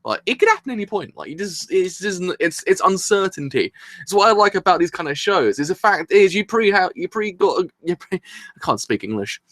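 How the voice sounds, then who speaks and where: A rambling, excitable man reacts live from his room, his voice a touch higher than most and slightly sore in the throat. He swears casually as he talks. The sound is close and dry, with no room echo. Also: brisk. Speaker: anime reviewer.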